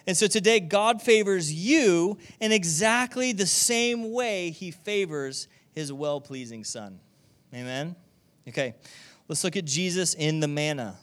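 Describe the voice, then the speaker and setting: High-voiced male preacher. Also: unhurried. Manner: animated, keeps asking "okay?" and "right?"; acts out grumbling voices and loud exclamations. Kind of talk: sermon.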